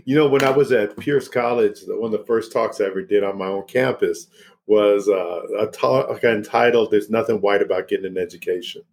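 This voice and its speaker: A man's voice: fairly low pitch, fairly quick, a little mellow. Emphatic middle-aged male podcast host. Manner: emphatic, checks in with "right?". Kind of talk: casual conversation.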